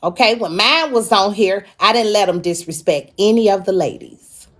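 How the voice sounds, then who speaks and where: A woman's voice: mid-range voice, lively intonation, fairly bright tone. A woman hosting a live stream, confrontational and profane as she issues warnings, stretching out words for emphasis. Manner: drawn-out emphatic delivery.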